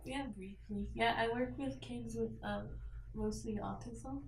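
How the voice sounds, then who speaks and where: A woman talks as a podcast guest, chatty and quick to laugh. Her voice comes from some distance in an echoing room, with a faint noise underneath. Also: a little high, vocal fry. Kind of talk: casual chat.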